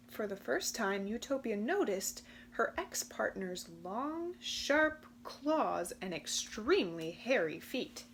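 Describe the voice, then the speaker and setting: A woman reading a children's picture book aloud with expressive, animated storytelling. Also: medium pitch, takes it slowly, hardly any pauses, a little hiss or hum. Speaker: storybook reader.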